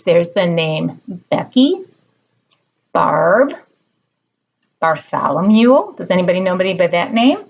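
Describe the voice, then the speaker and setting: A woman preschool teacher leading a children's circle-time lesson in a slow, sing-song teacherly way. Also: medium pitch, husky, muffled recording.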